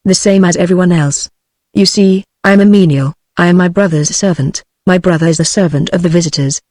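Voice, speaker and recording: A British-accented text-to-speech woman's voice reading the lines of a bitter, sarcastic poor man in a storybook, in the same even manner as the narration. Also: fairly low pitch, brisk, dry recording, studio quality, lightly acted. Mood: scornful. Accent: British English. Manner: flat synthetic reading.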